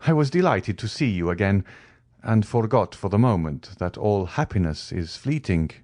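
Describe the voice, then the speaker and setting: A man voicing the Count, a wealthy, mysterious and melancholy nobleman who speaks in a polished, gracious way, a bit above his usual narrating pitch. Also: expressive, normal speed, a little mellow, no room sound, studio quality. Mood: somber.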